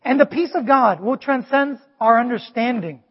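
A male pastor giving an animated sermon, often asking the congregation "Amen?". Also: very high-pitched, normal speed, slightly rough. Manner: animated, preachy, asks the crowd "Amen?". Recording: dull, long hall reverb.

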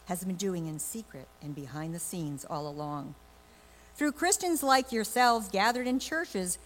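A woman with a soft Boston accent reading scripture aloud in a sermon, with dramatic, varied emphasis. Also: mid-range voice, big-room sound. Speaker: scripture reader.

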